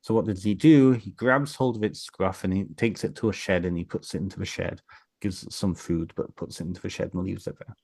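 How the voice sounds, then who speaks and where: Male guest, deep voice, rambling storyteller, dry close sound. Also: fairly even intonation, brisk, gravelly, darkish tone, dry recording. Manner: rambling, many fillers and restarts. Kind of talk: casual storytelling in an interview.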